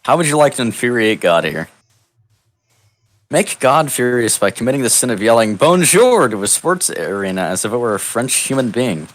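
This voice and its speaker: A man narrating an improvised comedic text adventure in a deadpan, mock-epic storybook manner over a voice call. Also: medium pitch, brisk. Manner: deadpan, absurd storybook delivery. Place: online voice call.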